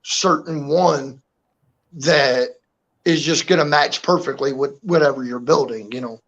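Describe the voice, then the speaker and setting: A man hosting a casual live-stream chat, rambling and filling every pause with "you know". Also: mid-range voice, fairly bright tone, lo-fi sound. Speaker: host.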